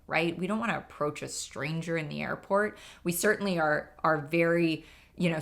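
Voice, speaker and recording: A woman's voice: low voice, creaky. A middle-aged woman hosting an impromptu solo podcast, telling stories in an earnest, emphatic way with asides to her listeners. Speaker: podcast host.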